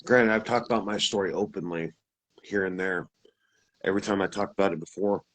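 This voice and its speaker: A man who is a guest telling a personal story, animated and acting out the dialogue. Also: low-pitched, brisk.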